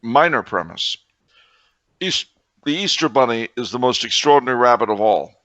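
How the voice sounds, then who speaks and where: A man co-hosting a podcast, telling absurd stories with deadpan, mock-logical seriousness in casual comedic chat. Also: mid-range voice, moderate pace, no echo, lo-fi sound. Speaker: podcast co-host.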